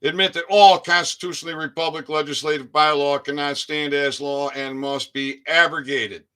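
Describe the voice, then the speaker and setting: A man's voice: a little high, steady tone, moderate pace, sharp tone, clean tone. A man reading a list of formal legal statements aloud, with muttered asides. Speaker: citizen activist.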